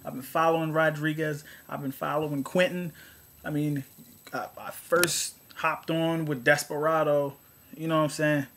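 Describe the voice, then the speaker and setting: A man talking casually to camera in a rambling, sarcastic rant. He keeps restarting his sentences and swings between low mutters and high, exasperated outbursts. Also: little pitch movement, moderate pace, fairly bright tone, slight background noise. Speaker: vlogger.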